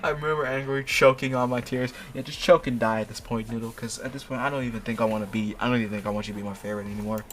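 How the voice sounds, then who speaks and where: A man's voice: medium pitch, fairly even intonation, rapid-fire, few pauses, background noise. A man hosting, reading fanfiction aloud with mocking asides, laughing often and tripping over his words. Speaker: host.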